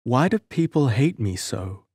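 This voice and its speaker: A man's voice: mid-range voice, big pitch swings, unhurried, a little mellow, breathy edge, no echo, studio quality, pitched above the performer's own voice, full character voice. A man voicing a lonely, pleading young girl. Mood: troubled. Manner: earnest, tearful pleading.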